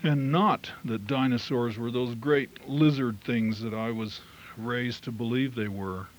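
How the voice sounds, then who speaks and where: A man lecturing an audience in a reflective, personal tone, musing aloud. His voice sits at an ordinary middle pitch. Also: steady tone, unhurried, low-quality recording. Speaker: lecturer and filmmaker.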